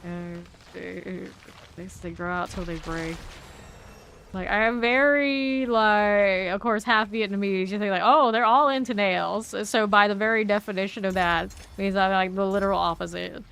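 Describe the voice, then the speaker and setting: A woman's voice: medium pitch, vocal fry, fairly bright tone, clean tone. A woman streaming a game, chatting casually with her chat and muttering item names while she loots. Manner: chatty, reads chat aloud and answers it, with quick asides.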